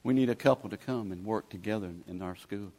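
A man's voice: fairly low pitch, fast talker, dark tone. A man, preaching a sermon in a folksy, pleading, conversational way as a guest preacher. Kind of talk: sermon with altar call.

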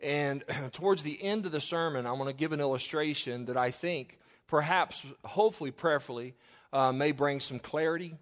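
A man's voice: on the high side, moderate pace. A man preaching a funeral sermon, reading scripture aloud with earnest emphasis. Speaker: pastor.

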